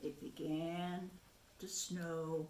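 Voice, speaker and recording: A woman teacher reading a picture book aloud to children in a soft, gentle way. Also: deep voice, little pitch movement, extremely slow, a little hiss or hum. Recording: roomy echo, faint ambience.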